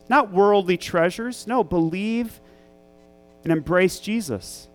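A man who is a parent, preaching a sermon as pastor in an earnest, emphatic way, repeating key phrases for weight. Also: a little high. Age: young adult to middle-aged, a parent.

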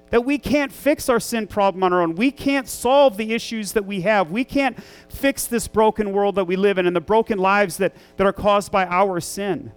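Male preacher, high voice, smooth and resonant, earnest, emphatic repetition, sermon delivery. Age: young adult to middle-aged, a parent. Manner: earnest, emphatic, repeats key phrases. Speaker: pastor.

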